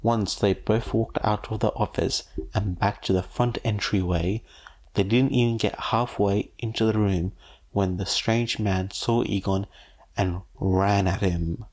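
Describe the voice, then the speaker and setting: A man narrating fan fiction aloud in a steady, plain storytelling manner. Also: fairly low pitch, measured pace. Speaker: fanfiction audiobook reader.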